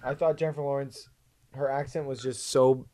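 A man's voice: mid-range voice, normal speed, a little hiss or hum. A man co-hosting a podcast, chatting loosely about a movie with lots of fillers and hedges. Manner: relaxed, filler-heavy, hedging. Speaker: podcast co-host. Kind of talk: casual chat about movies.

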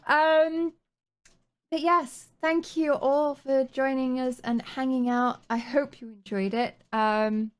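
A woman's voice: high voice, fairly even intonation, takes it slowly. A woman hosting a live stream, wrapping up casually with many ums and restarts. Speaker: stream host.

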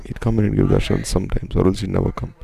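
A man with a very low voice and a heavy gravelly fry retells sacred stories. He wanders and repeats himself, slipping in the lines each character speaks. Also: little pitch movement, racing, warm tone, low-quality recording. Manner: loose, repetitive retelling with quoted dialogue. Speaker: devotional storyteller. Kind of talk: devotional story retelling.

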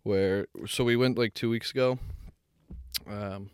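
A man's voice: fairly low pitch, fairly even intonation, unhurried, a little mellow, clear, resonant tone, no room sound, clean studio sound. A young man co-hosting a podcast, telling a rambling story in casual chat, swearing freely and often correcting himself. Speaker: podcast co-host.

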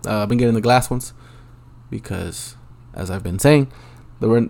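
A man's voice: lowish voice, moderate pace, creaky, darkish tone. A young man hosting a solo podcast, rambling casually and swearing a lot in a laid-back way. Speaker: podcast host. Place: Los Angeles, at home.

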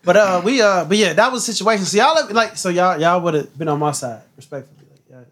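A young man telling a story in casual chat, animated and profane, acting out what people said. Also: high voice, fairly quick, a crowd in the background. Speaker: podcast host telling a story.

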